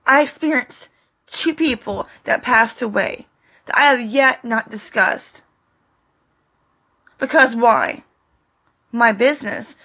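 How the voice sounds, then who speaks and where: A middle-aged woman speaks slowly in halting fragments, her voice bright and a touch high. She sounds tearful yet defiant as she pleads with her audience in a direct-to-camera vlog. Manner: slow, halting delivery with short fragments. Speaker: vlogger. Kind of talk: emotional direct-to-camera monologue.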